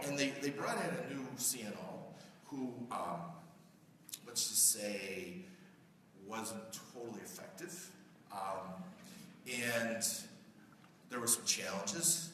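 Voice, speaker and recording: A man's voice: medium pitch, pushed and bright, a little hiss or hum. A middle-aged man giving a conversational conference keynote, often asking the audience questions. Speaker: keynote speaker. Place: large conference hall. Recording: echoey hall recorded from far off.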